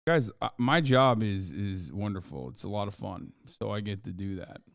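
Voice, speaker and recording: Hosting a live stream out of a Los Angeles home studio, a thirtysomething man jokes, gets hyped, chats casually and reads the chat aloud. His voice sits on the low side, creaky and animated at normal speed, recorded at studio quality with no room sound.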